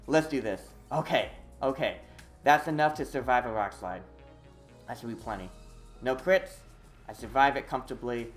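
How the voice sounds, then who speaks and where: A streamer giving live commentary on a video game, excitable and full of hesitant fillers. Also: medium pitch, normal speed, soft background music. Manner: excitable, swings from quiet muttering to loud whooping.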